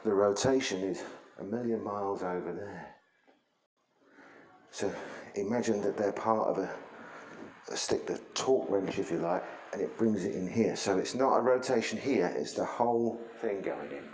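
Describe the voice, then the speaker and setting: A man's voice: lowish voice, normal speed, darkish tone, roomy sound, a little hiss or hum, low-quality recording. A man teaching a martial arts lesson, explaining things conversationally while he demonstrates moves.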